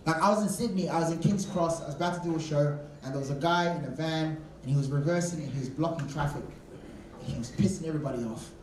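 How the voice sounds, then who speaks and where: A male stand-up comic tells crude, cussing stories in a somewhat high voice, stumbling over his words and restarting often. The sound comes from a distance in a roomy club, and audience laughter can be heard behind him. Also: quick pace, background noise. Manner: crude, profane storytelling with stammered restarts. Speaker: stand-up comedian and show MC. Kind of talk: live stand-up set. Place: comedy club stage.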